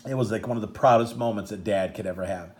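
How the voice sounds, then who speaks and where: A middle-aged man with a Midwestern American accent hosts a vlog, casually chatting while showing photos as a proud dad. His slightly low, darkish voice moves fast, and he rambles and stumbles with emotion.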